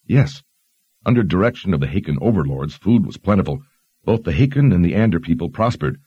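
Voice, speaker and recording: A man voicing a learned young woman who explains history in a measured, explanatory way. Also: deep voice, big pitch swings, dark tone, husky, no room sound, muffled recording, heavily acted. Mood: eager.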